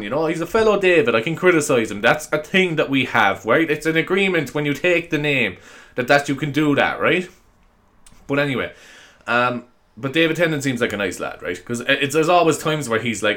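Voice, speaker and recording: A man's voice: medium pitch, lively intonation, fast, pushed and bright. A young Irish man hosting his own podcast, tired, chatting in a rambling, self-mocking way and laughing often. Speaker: podcast host. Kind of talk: casual solo podcast chat.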